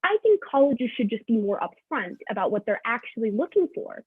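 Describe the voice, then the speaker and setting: A teenage girl doing a stand-up comedy set, sarcastic with quick punchlines, on a dry, tinny recording. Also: on the high side, very animated, husky, no room sound. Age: late teens. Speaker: student comedian. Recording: dry tinny phone-like sound.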